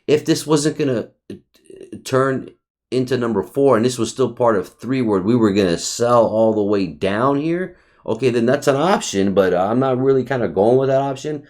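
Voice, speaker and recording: A man's voice: mid-range voice, moderate pace. A man casually walking viewers through his trading chart, swearing often, calling them buddy, and restarting his sentences. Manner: profane, excitable, talks to viewer as buddy; repeats himself and restarts often. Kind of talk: casual screen-share chart review.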